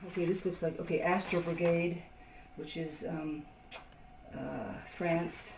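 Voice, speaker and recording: A woman toy collector casually showing her collection, halting with many ums and restarts as she reads labels aloud. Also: lowish voice, steady tone, creaky. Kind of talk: casual show-and-tell narration. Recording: noisy home video.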